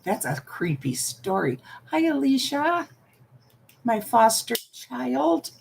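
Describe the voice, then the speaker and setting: A woman's voice: on the high side, sing-song, slow, gravelly, a little hiss or hum. An older woman chatting playfully on a livestream from home into a laptop microphone, greeting viewers by name. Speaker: livestream host. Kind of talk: casual livestream chat.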